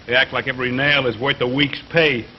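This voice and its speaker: A man's voice: medium pitch, steady tone, brisk, slight background noise, lightly acted. An actor playing an easily led American workman who talks hesitantly and stammers. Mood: griping. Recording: muffled 1950s television recording.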